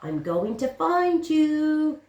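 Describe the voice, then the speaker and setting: A woman voicing a prowling cat in a storybook reading, speaking slowly with sly menace. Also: high voice, sing-song, darkish tone, pitched above the performer's own voice, full character voice. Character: prowling cat hunting a mouse. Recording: roomy echo.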